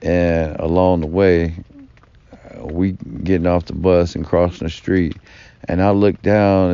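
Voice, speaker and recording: Gravelly low-voiced man, rambling and profane. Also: warm tone. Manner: profane, meandering, with frequent fillers and asides. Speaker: vlogger. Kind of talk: rambling personal storytelling monologue. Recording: dull lo-fi recording.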